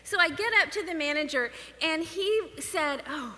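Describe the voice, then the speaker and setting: A woman telling a lively, laughing story in church, acting out the dialogue. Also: sits high, moderate pace. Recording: reverberant hall with faint noise.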